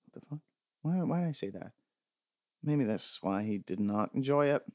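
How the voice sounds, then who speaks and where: A man's voice: mid-range voice, expressive, moderate pace, long pauses, a little mellow, no echo. A man hosting a comedy podcast, reading listener emails aloud and answering them with sarcastic, profane mock rants. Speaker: podcast host.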